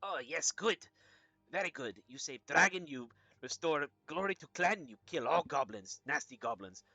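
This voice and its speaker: An eager little kobold speaks in short, broken bursts in a bright voice, voiced by a man. He sounds keen and simple, a creature from a fantasy tabletop game. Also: on the high side, lively intonation, moderate pace, no echo, full character voice. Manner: broken, clipped speech. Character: eager small male kobold clansman.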